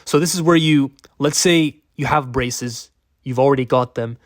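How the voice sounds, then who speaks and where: A man's voice: medium pitch, normal speed, no room sound. Man, productivity coach, blunt, emphatic, slangy, dry close sound. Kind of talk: casual talking-head advice.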